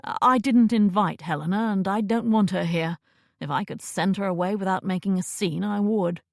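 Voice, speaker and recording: A woman reading an audiobook voices an ardent young Regency earl, low, intimate and earnest. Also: normal speed, creaky, darkish tone, no room sound, clean studio sound, natural voice. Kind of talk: audiobook character voice.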